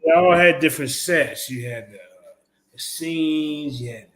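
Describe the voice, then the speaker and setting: A man hosting a casual streamed discussion, talking in an animated, slangy, emphatic way. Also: on the high side, measured pace, a crowd in the background. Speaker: host.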